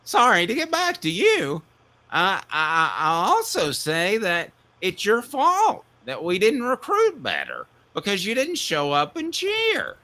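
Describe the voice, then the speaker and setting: A man's voice: sits high, huge pitch swings, unhurried, pushed and bright, pitched above the performer's own voice, exaggerated voice. A man putting on the voice of a tipsy older football coach answering a fan on a call-in show, slurring his words. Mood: boozy. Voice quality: slurred, folksy.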